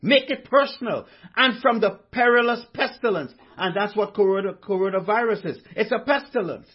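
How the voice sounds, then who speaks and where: A man's voice: high voice, normal speed, breathy edge, lo-fi sound. A male pastor preaching a sermon, fervent and repetitive, stressing each line with conviction. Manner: fervent, repeats lines with conviction.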